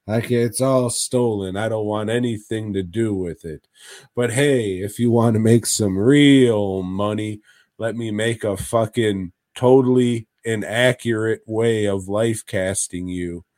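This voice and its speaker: A man's voice: fairly low pitch, unhurried, darkish tone, dry recording, clean studio sound, natural voice. A man doing a smug shady pawnbroker. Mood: scheming. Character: shady male pawn shop owner, smug.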